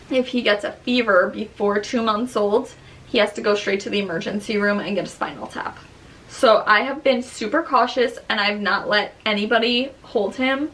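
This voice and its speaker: A woman's voice: fairly high pitch, a bit bright. A young woman, a new mother, chatting candidly to camera at home in a rambling way, full of "um" and "like". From Long Island, New York. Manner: rambling and candid, many fillers like "um" and "like". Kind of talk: casual chat. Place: at home near her baby's crib.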